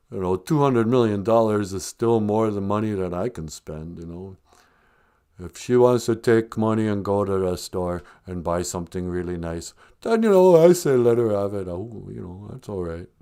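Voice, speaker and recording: A man impersonating a laid-back, mumbling tough-guy boxer movie star, with a low, slurred drawl. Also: moderate pace, dark tone, clean tone, lightly acted. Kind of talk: comedic impression.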